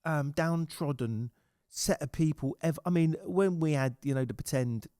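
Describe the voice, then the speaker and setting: Swearing man, lively storyteller. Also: a little high, normal speed, smooth, no room sound. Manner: swears freely, animated storytelling with acted quotes. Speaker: podcast host. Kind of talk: casual storytelling chat.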